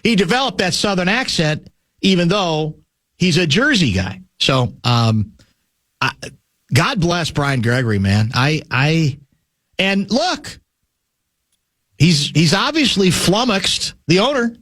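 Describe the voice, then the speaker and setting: A man's voice: high-pitched, lively intonation, slow, fairly bright tone. A man hosting sports talk radio, riffing sarcastically in casual banter and often repeating words as he searches for the next one.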